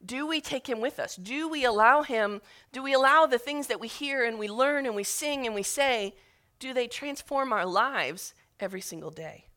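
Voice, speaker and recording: A woman's voice: a little high, normal speed, pushed and bright. A woman preaching a sermon in an earnest, emotional way, retelling scripture and her own memories. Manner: earnest and emotional, with rising intensity on appeals.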